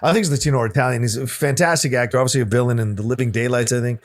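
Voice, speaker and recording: A man's voice: medium pitch, steady tone, racing. A man co-hosting a film podcast, gushing with enthusiasm and rambling in casual chat.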